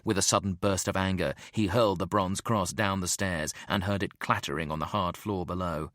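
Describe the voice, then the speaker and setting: Male audiobook narrator, deep and measured, dry close recording. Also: steady tone, a bit bright, no room sound. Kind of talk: scripted narration.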